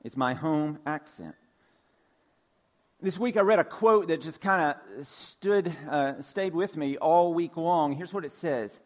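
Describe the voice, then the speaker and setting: Southern pastor with a light Georgia accent. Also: male voice, on the high side, unhurried. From Georgia, USA. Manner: conversational, folksy, with filler words and restarts. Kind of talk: sermon. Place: church sanctuary.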